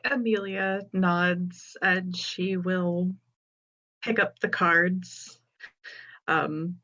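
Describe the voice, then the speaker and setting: A young woman at a tabletop game, talking in an unhurried, soft-spoken way. The recording is a little dull and lo-fi. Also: lowish voice, fairly even intonation. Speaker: player. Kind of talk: casual tabletop play.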